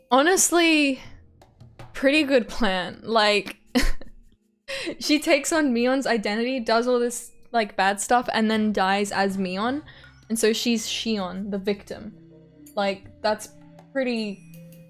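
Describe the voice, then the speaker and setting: A woman's voice: fairly high pitch, measured pace, soft background music. A woman streamer giving giggly, casual and profane commentary while reading through a visual novel.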